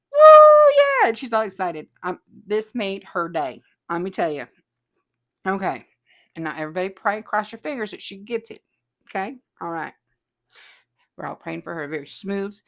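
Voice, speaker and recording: A woman hosting a casual stream, chatting and reading viewer comments aloud with frequent laughs. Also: medium pitch. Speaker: host.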